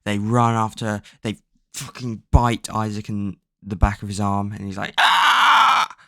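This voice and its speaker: A man's voice: fairly low pitch, flat delivery, moderate pace, no room sound, studio quality. A man casually recapping a book's plot, rambling with lots of fillers and offhand swearing. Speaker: book recap vlogger.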